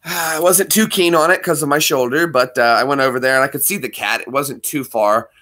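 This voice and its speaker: A man's voice: mid-range voice, normal speed, a bit bright. A man chatting casually with viewers while streaming a game, rambling and friendly. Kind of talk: casual livestream chat.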